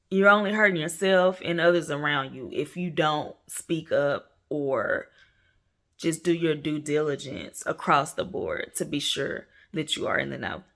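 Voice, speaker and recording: Young woman vlogging, kinda low voice, rambly and emotional, keeps saying y'all. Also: vocal fry, fairly bright tone. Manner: candid, rambling, addresses viewers as y'all. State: emotional, close to tears. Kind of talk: casual confessional vlog.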